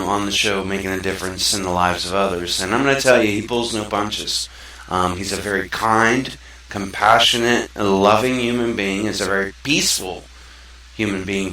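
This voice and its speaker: A man's voice: low voice, pushed and bright. Earnest man talking in an echoey room. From South Mississippi, USA. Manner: earnest, rambling, conversational. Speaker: show host. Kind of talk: casual talk-show monologue. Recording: echoey room, far from the mic.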